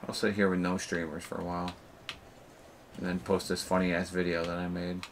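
A young man streaming a video game, talking casually with excited, swearing outbursts. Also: sits low, normal speed, a little hiss or hum. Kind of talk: casual gaming stream talk.

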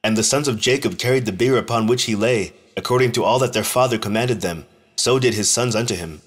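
A man reading an old religious text aloud in a slow, measured, solemn manner, with deliberate phrasing. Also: fairly low pitch, husky. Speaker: scripture reader.

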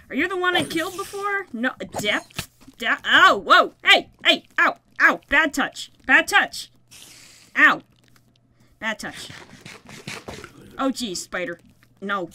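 High bright woman yelping through gameplay. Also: slight background noise. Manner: excitable, yelping and laughing at mobs. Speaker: gaming video creator. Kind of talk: Minecraft let's play commentary.

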